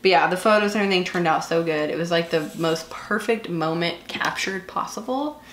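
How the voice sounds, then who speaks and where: In an echoey room with slight background noise, a twenty-something beauty vlogger with a Southern US accent talks casually through her makeup routine. Her lowish voice has a fairly bright tone and a slightly fast pace, and she gushes with plenty of fillers.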